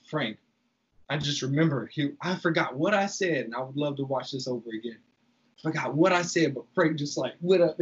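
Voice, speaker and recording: Animated profane man telling a story. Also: a little high, husky, lo-fi sound. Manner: animated, profane, acts out quoted lines. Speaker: podcast guest recounting reality TV. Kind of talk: casual storytelling.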